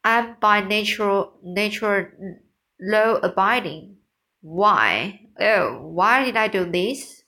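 A woman's voice: mid-range voice, animated, takes it slowly, sharp tone, full character voice. A woman reading a remorseful proud swan father.

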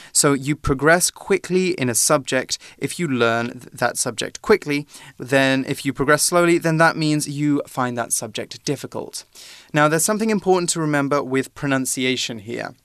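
A man explaining English vocabulary on a language-learning show, patient and clear, giving example sentences. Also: medium pitch, fairly bright tone, dry recording, clean studio sound. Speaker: English teacher.

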